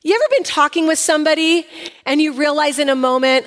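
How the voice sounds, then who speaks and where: Chatty high-voiced woman teaching the Bible. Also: fast, in a large hall. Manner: chatty and animated, acting out quotes with sass.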